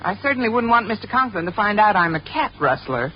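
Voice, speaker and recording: A woman with a medium pitch and big pitch swings talks fast, playing a wisecracking schoolteacher in a 1950s radio sitcom with a playful, flustered manner. The lo-fi sound is an old radio broadcast with hiss and live audience laughter.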